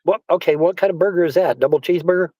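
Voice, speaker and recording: A man's voice: sits high, rapid-fire, mellow, dry recording, low-quality recording. A man hosting a casual chat, rambling and repeating himself, swearing often. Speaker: livestream host. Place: Arizona.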